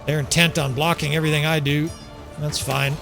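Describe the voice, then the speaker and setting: A man's voice: on the high side, level tone, a little fast, gravelly, over music. A man giving casual strategy game commentary, joking and swearing as he plays, chuckling often. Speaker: gameplay commentator.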